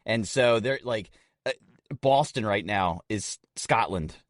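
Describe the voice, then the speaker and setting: A man's voice: fairly low pitch, takes it slowly, dry recording, clean studio sound. A man from the United States co-hosting a podcast in casual chat, earnest and laughing often as he makes his point. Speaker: podcast co-host.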